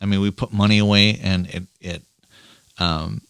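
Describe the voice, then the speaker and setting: Man, podcast host, lowish voice, dry close mic, rambling chatty storyteller. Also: fairly even intonation, normal speed, gravelly, a bit bright, smooth, no echo. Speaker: podcast host, father of three girls. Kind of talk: casual chat.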